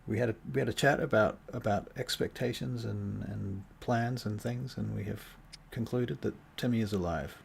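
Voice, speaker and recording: A man's voice: lowish voice, normal speed, vocal fry, hardly any pauses, slight background noise. A man running a tabletop game as game master, casual and joking. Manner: relaxed, joking, many fillers.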